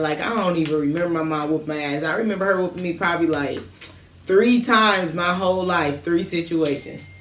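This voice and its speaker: A woman with a lowish, fairly bright voice talks a little fast as she co-hosts a casual late-night podcast chat while smoking, recorded from a distance. She tells childhood stories in a laid-back way, full of slang and laughter. The room is echoey, she's off-mic, and there's faint noise.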